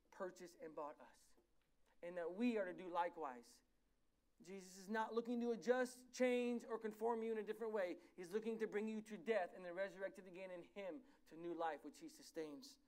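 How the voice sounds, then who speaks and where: Male preacher with a high voice, earnest sermon delivery that slows and swells on the key phrases. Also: rough recording. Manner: emphatic, slows and rises in volume to stress key words; explains scripture verse by verse in plain terms. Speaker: pastor.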